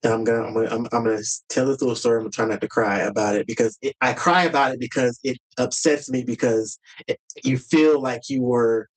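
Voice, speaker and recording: A man's voice: mid-range voice, fairly even intonation, fast, hardly any pauses, rough recording. A man as a podcast guest, telling a personal family story earnestly and with emotion, sometimes acting out heated words.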